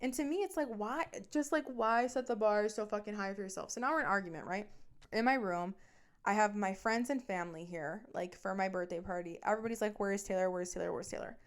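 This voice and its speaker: A woman's voice: mid-range voice, brisk. A young woman in her twenties hosting a podcast, telling a personal story in a swearing, exasperated rant and acting out both sides of the arguments. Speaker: podcast host.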